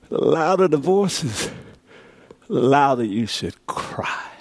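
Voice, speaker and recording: A man in his fifties preaching a sermon as pastor, building to shouted call-and-response. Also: on the high side, big pitch swings, unhurried, no echo. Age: 50s.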